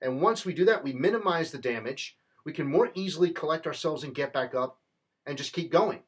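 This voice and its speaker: A man's voice: on the high side, lively intonation, a little fast, breathy edge. A man delivering an impassioned, rallying political monologue in a fervent, rhetorical manner. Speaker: political commentator.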